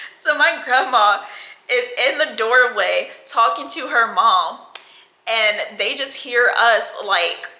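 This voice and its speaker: A young woman vlogger telling a storytime tale, animated and profane, acting out the quoted lines. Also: on the high side, takes it slowly, pauses often, roomy sound, rough recording. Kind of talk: storytime vlog.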